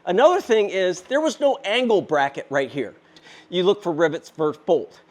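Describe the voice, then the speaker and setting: A fifty-year-old man rushing through a casual DIY vlog, a bit out of breath as he lifts the cart while he talks. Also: high voice, expressive. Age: 50s. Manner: rushed and chatty, talking while lifting and handling the cart. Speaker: DIY maker and channel host.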